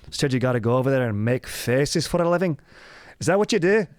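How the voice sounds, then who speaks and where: A man's voice: medium pitch, animated, fast, smooth, no echo, clean studio sound, pitched above the performer's own voice, lightly acted. A man putting on a mock Scottish accent to play an angry Scotsman scolding a would-be actor. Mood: berating. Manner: shouting, profane, scornful.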